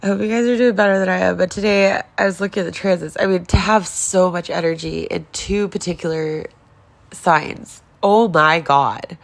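A woman's voice: lowish voice, normal speed, gravelly. A woman in her forties in a casual confessional vlog, upset and near tears, talking in a raw, rambling way with lots of swearing. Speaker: vlogger.

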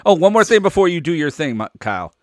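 A man's voice: fairly high pitch, big pitch swings, fast talker, no echo, clean studio sound. A man co-hosting a podcast in a casual, rambling way, laughing often as he wraps up. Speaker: podcast co-host and director.

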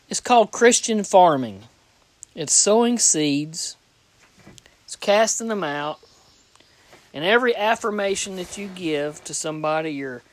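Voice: mid-range voice, no echo. A preacher giving a plain-spoken, folksy sermon, reading scripture aloud and repeating phrases for emphasis.

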